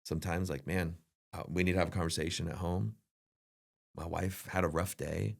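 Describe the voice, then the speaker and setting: Brief: middle-aged man, deep gravelly voice, earnest advice-giver in a relaxed leadership chat. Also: normal speed. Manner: earnest, advice-giving, acts out family dialogue. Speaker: podcast co-host.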